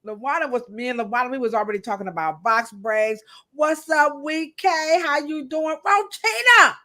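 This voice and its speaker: A woman in her thirties hosts a live podcast in a loose, playful way, greeting viewers in the chat by name. Her voice sits a little on the high side. She keeps the chat casual and full of jokes. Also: normal speed, a bit bright. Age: 30s. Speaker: podcast host.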